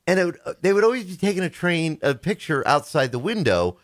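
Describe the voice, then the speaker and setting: A man's voice: on the high side, fast talker, dry recording, clean studio sound. A man hosting a casual chat, reacting often and asking questions. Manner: lively, reactive interjections.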